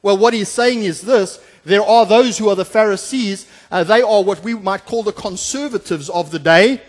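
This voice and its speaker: High-voiced pastor preaching in a reverberant church. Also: male voice, normal speed. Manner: expository preaching with frequent filler "uh" and restarts; swings from emphatic to soft and low. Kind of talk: sermon. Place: church sanctuary.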